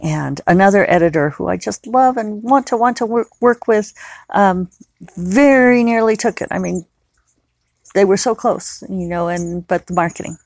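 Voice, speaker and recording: A woman's voice: medium pitch, normal speed, darkish tone, dry recording. A woman novelist chatting casually on her own, rambling and often correcting herself. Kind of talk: casual solo podcast chat.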